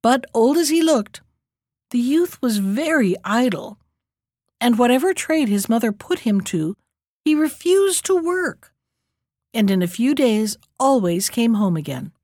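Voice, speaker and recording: A woman's voice: a little high, a little slow, no echo, clean studio sound. Woman librarian reading a folktale aloud. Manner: expressive, lively storytelling. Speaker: librarian storyteller.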